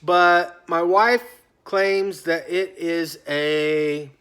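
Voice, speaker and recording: A man in a rambling, casual rant to his phone camera at home, often stopping himself and trailing off into quiet mutters. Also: on the high side, steady tone, very slow, smooth. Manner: talkative, self-interrupting, drifts off into quiet mutters. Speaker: vlogger. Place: at home on a couch.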